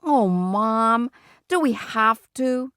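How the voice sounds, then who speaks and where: A woman's voice: mid-range voice, animated, measured pace, fairly bright tone, no echo, studio quality. A woman voicing an annoyed fourth-grade boy who whines and sounds exasperated, in a storybook reading. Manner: whiny and exasperated.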